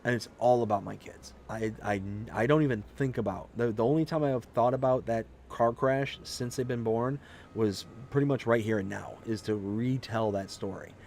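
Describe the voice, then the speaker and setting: A man's voice: mid-range voice, moderate pace, vocal fry, darkish tone, a little hiss or hum. A man hosting a live stream of a farming game, chatting casually with viewers and telling a long personal story in a rambling way with many restarts. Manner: reads out and thanks viewers' chat messages.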